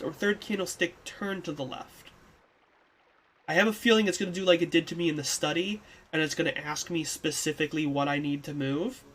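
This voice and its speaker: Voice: medium pitch, fairly bright tone, a little hiss or hum. A streamer reading a text game aloud and chatting casually, self-mocking and swearing. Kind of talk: game playthrough narration and commentary.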